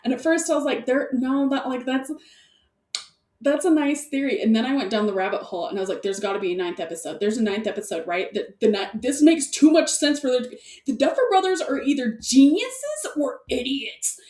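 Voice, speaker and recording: A fairly high-voiced woman co-hosting a podcast, rambling excitedly and laughing often. Her voice sits back from the mic, and the room adds a clear echo. She talks in loose, filler-heavy casual chat. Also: a little fast. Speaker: podcast co-host. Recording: echoey room, distant mic.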